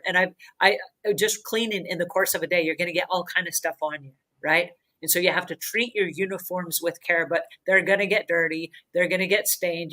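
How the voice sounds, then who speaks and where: A woman's voice: fairly low pitch, poor audio. A woman hosting a cleaning advice show, talking in an earnest, emphatic way and often repeating herself for stress. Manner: emphatic, repetitive, earnest and animated. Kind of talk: conversational advice talk.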